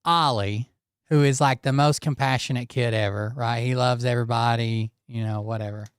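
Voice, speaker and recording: A man's voice: medium pitch, steady tone, moderate pace, clear, resonant tone, no room sound, studio quality. A man hosting a commentary show, talking casually in a blunt, profane and sarcastic manner. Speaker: commentary channel host.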